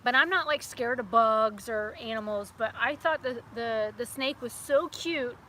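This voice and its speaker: A woman telling a story in a casual vlog, her voice high and bright. She talks in a chatty, animated way, laughing as she goes. A faint hum of outdoor noise sits behind her. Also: measured pace. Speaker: beauty vlogger. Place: outdoors near a house.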